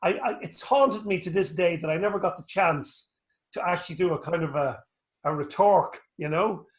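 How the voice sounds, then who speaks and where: Chatty Irish man, slightly high, recorded in an echoey room. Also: normal speed. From Northern Ireland. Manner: rambling, animated storyteller, joking. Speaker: guest, anatomist. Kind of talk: casual interview chat.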